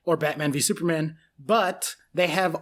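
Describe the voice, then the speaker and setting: A man's voice: on the high side, fairly even intonation, normal speed, fairly bright tone. A man co-hosting a podcast in casual chat, joking and bantering playfully. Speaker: podcast co-host.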